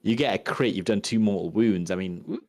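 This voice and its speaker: Deep-voiced man thinking aloud. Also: brisk, a little mellow. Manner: thinks aloud, restarts sentences while working out rules. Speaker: podcast co-host. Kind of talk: casual chat about tabletop game tactics.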